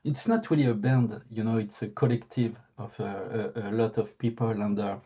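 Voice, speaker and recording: A man with a French accent, speaking English as a second language as a polite, measured interview guest over a video call. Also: fairly low pitch, fairly even intonation, dark tone, slightly rough, highs cut off. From France. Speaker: band leader and guest.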